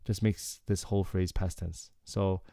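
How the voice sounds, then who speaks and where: A man with a low, mellow voice walks through a song's lyrics as a casual Korean lesson. His tone is smooth and clear, and he keeps checking in with learners as he explains. The sound is close and dry. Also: unhurried, dry recording. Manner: relaxed, explanatory, frequent "okay" and "like". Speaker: Korean language teacher.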